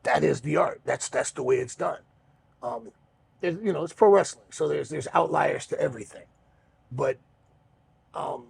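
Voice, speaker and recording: Gravelly-voiced man telling wrestling stories. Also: medium pitch, a little hiss or hum. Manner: relaxed, rambling, swears freely, many fillers. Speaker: podcast host and pro wrestler. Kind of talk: casual storytelling chat.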